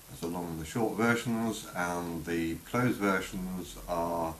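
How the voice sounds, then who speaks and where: A man giving an unscripted spoken lesson on vowel sounds, halting with many fillers and voicing each sound slowly. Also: low voice, steady tone. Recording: roomy with faint hiss.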